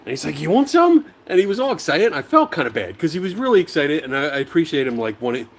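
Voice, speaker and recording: A man's voice: fairly high pitch, big pitch swings, rapid-fire. A man from Philadelphia hosting a casual livestream from his garage, chatting, laughing often and reading out viewer comments. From Philadelphia, USA. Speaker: livestream host. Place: home garage.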